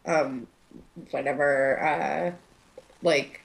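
A woman's voice: deep voice, steady tone, drawn-out words, creaky. A young woman co-hosting a podcast, chatting casually as she recaps a TV episode, with lots of fillers and acted-out quotes. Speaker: podcast co-host.

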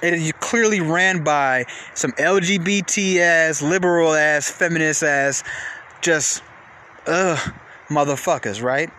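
A man hosting a podcast, ranting casually in a profane, repetitive way, with sudden jumps in pitch. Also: takes it slowly, pushed and bright, a little hiss or hum. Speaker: podcast host. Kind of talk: casual rant.

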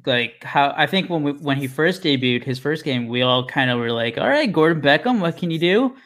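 A man's voice: fairly high pitch, lively intonation, moderate pace, fairly bright tone. A man co-hosting a sports podcast who laughs often and asks his partner questions. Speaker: podcast co-host. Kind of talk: casual sports chat.

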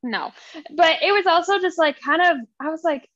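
High-voiced young woman, animated book talk. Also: normal speed, dry recording, highs cut off. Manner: animated, acts out scenes, laughs a lot. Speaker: podcast co-host. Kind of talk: casual book chat.

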